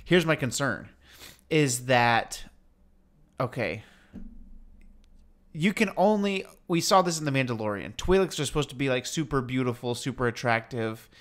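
A man co-hosting a podcast, talking in a rambling, jokey and animated way as he chats with his brother. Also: medium pitch, moderate pace, long pauses. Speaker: podcast co-host. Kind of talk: casual chat.

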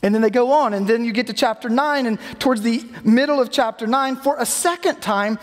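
A man pastor preaching a sermon in a relaxed, conversational way, sometimes acting out the lines he quotes. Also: extremely high pitch, fairly quick, long reverb tail. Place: church sanctuary.

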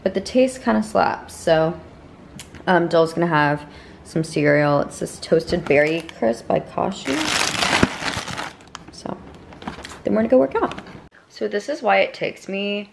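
A woman's voice: fairly low pitch, creaky, slight background noise, rough recording. A woman vlogging her day in a chatty, bubbly way, full of "like" and "um". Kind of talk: casual day-in-the-life vlog chat.

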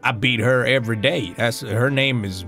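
Creepy male pony collector, deep smug drawl, put on by a man, game role. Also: bright, forceful tone, soft background music. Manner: slow, smug, boastful drawl. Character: creepy male neighbor obsessed with toy ponies.

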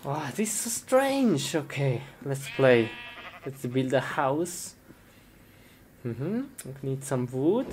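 A woman performing a comedy sketch, talking to herself in simple, broken English and breaking into excited yelps and shrieks of frustration. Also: a bass voice, slow. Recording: noisy recording.

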